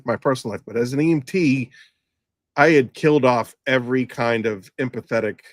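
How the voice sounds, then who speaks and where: A middle-aged man tells a grim work story in loose podcast chat, often restarting his sentences and circling back. His voice sits at an ordinary pitch for a man. The recording is dry and close, with little room sound. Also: a bit bright, no echo. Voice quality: rambling, frequent restarts and fillers. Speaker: podcast host, former EMT. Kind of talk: casual storytelling.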